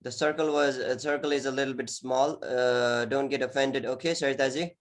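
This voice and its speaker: A man's voice: medium pitch, fairly even intonation, fairly quick. A man teaching an online English exam class, encouraging, repeating words often with many "okay"s. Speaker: IELTS teacher.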